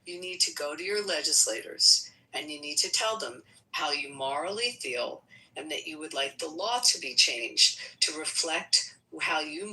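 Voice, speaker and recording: A speaker with a very bright, forceful tone explains firmly and step by step during a heated discussion. The voice comes from some distance from the microphone. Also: mid-range voice. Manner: firm, instructive, lays out steps. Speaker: participant in discussion room.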